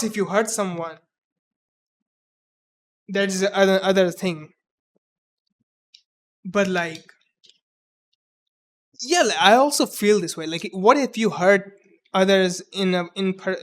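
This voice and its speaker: A man in his twenties with a mixed Indian English accent, talking earnestly and haltingly in a personal reflective monologue, often restarting his words. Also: sits high, a bit bright. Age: 20s. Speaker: vlogger.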